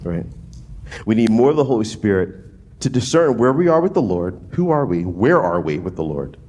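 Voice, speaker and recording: A man from New Orleans delivers a sermon in a loose, conversational way, trailing off, restarting and checking in with "right?". His pitch swings widely as he talks. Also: normal speed. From New Orleans, USA. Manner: animated, casual preaching with frequent restarts and "right?" asides. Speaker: pastor.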